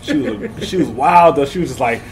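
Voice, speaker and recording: A man telling stories in a casual, animated way, laughing often as he talks. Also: on the high side, fast talker, vocal fry, a little hiss or hum, rough recording. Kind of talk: casual chat.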